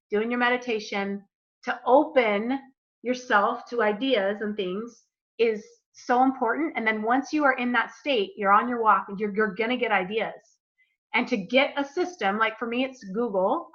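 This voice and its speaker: A woman runs a live group coaching session in an upbeat, chatty way. Her voice sits a little high and rings bright and forceful. The sound is a bit dull and lo-fi, as on a video call.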